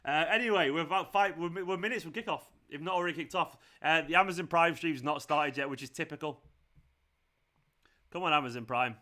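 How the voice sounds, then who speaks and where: A man's voice: a little high, a little fast, bright, forceful tone. A young man hosting a football watchalong stream, chatting casually, teasing and laughing often. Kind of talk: casual live-stream chat and commentary.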